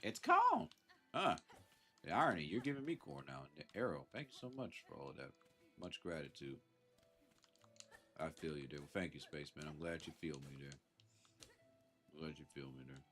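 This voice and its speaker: Sounding stuffed up from a sinus infection, a Southern US man with an extremely low, sing-song voice hangs out on a live stream and thanks his chatters. He's laid-back and chuckles a lot, speaking at a moderate pace with frequent pauses, in a somewhat bright tone over faint music.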